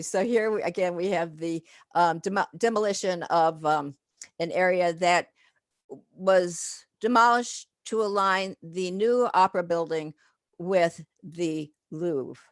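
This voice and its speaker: A woman's voice: on the low side, no echo, clean studio sound. An older woman, a professor, giving a chatty, digressive slide lecture full of fillers and asides.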